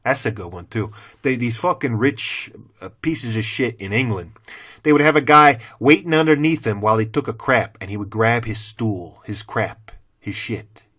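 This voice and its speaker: A middle-aged man who once taught school, now ranting to camera with a blunt, cursing delivery. His voice sits at an ordinary male pitch and jumps from low mutters to loud, mocking outbursts. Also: moderate pace, breathy edge. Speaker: former teacher turned channel host. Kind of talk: profane opinion rant to camera.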